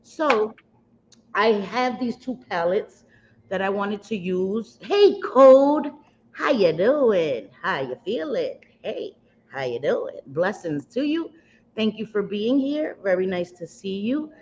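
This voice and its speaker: A woman's voice: medium pitch, very animated, takes it slowly, darkish tone, slight background noise. A woman hosting a casual makeup livestream, chatting at length and greeting viewers with pet names in a rambling, self-mocking way. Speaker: beauty livestream host. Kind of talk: casual livestream chat while doing makeup. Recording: slightly dull lo-fi livestream audio.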